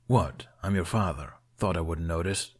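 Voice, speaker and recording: A man's voice: sits low, moderate pace, breathy edge. A man voicing a stern Viking chief. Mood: dry. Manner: curt, dismissive. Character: stern gruff middle-aged Viking chief father.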